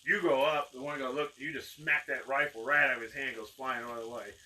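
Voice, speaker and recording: A man runs a tabletop game, narrating in a rambling way with many fillers and sudden acted shouts. His voice is bright and sharp at a middle pitch. He is heard from a distant mic with a faint hiss. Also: fairly even intonation, brisk. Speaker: game master.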